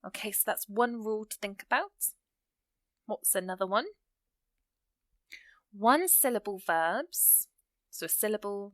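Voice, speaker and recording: A woman explaining English grammar in a calm, patient way, at an ordinary middle pitch. She slows down to read her example sentences and leans on the words that matter. The sound is close and dry. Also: dry recording. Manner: patient, reads example sentences slowly and stresses key words.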